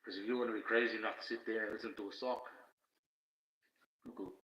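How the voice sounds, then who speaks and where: A man from Australia hosting a livestream in a put-on, Finnish-tinged, Dracula-like accent, talking in a menacing, boastful, deliberate way. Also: lowish voice, steady tone, fairly bright tone. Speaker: livestream host. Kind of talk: livestream rant. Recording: roomy, distant, dull lo-fi.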